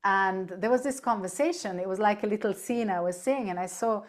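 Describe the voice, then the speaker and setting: Animated woman telling stories as a guest. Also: medium pitch, fairly quick. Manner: animated storyteller, often asks "right?", laughs easily. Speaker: podcast guest, animal end-of-life guide. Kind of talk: casual interview chat.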